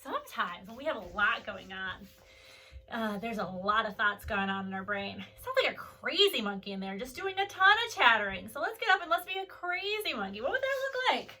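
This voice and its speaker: A young woman teaching a kids' yoga class, playful and animated, telling stories between poses. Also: on the high side, a little fast. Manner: animated, playful, drops to soft calm voice for mantras. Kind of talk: children's yoga class with storytelling. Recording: voice from a distance off the mic.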